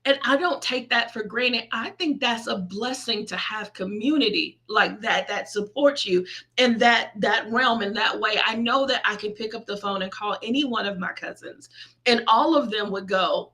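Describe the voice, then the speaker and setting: Bright, gravelly-voiced woman pastor. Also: fairly high pitch, normal speed. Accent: Midwestern American. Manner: intimate, testimony-style, prays aloud. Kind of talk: online sermon, girl talk. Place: seated at her desk.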